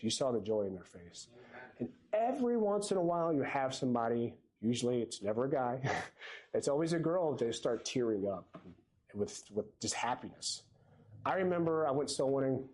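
A man preaches from a church pulpit in an earnest, exhorting way. His tone stays casual and conversational, with a middle-pitched voice. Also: a little mellow. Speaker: lay preacher. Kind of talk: sermon.

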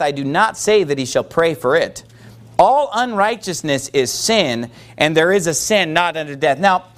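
A man preaching a sermon as pastor, emphatic and questioning, putting questions to his listeners. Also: a little high.

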